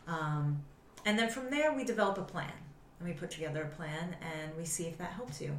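A woman nutritional therapy practitioner explaining her work in casual conversation, earnest and quick to laugh. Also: on the low side, a little hiss or hum. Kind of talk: casual interview chat. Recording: echoey room, voice from a distance.

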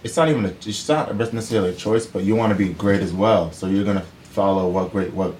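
A man with a very deep voice talks loosely and casually, circling back with "you know" and "like" as he thinks aloud. A faint hiss of noise sits under his voice. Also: quick pace. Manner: relaxed, rambling, many fillers and restarts. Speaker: professional football player guest. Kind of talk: casual interview answers.

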